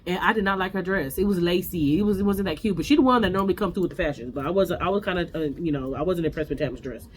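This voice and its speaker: Rambling recap host, mid pitch, super opinionated, faint noise behind. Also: racing, few pauses. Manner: rambling, opinionated, chatty with frequent restarts. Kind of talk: casual reality TV recap.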